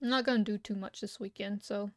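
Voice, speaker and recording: This young woman streamer speaks quickly in a mid-range voice, with no echo on the recording. Eating while she talks, she keeps the livestream chat casual and wandering, often breaking into hums and giggles.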